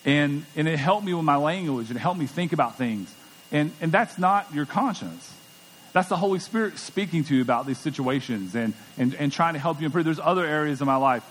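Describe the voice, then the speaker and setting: A man's voice: a little high, animated, a little fast. A middle-aged man preaching a sermon as pastor, conversational and emphatic, often repeating words as he goes. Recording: long church hall reverb.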